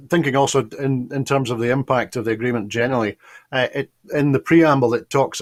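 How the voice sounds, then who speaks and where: Measured male news presenter. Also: medium pitch, dry recording. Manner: measured, reads bulletin text steadily.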